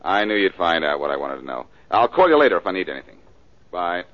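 A wisecracking cool detective. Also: male voice, low voice, sing-song, fast talker. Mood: cocky. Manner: dry wisecracks, easygoing. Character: wisecracking male ex-thief detective, cool and cocky. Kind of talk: 1940s radio acting. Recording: dull old radio broadcast.

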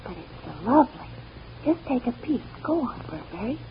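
An actress playing a gossipy, folksy wife who talks in chattering, ungrammatical speech, in 1930s radio drama acting. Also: female voice, fairly high pitch, sing-song, normal speed, background noise. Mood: coaxing. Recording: dull lo-fi old radio recording.

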